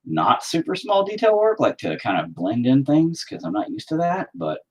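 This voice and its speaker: Husky, lively-voiced man rambling while painting. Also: medium pitch, normal speed. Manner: rambling, profane, self-mocking. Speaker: painting vlogger. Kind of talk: casual chat while painting.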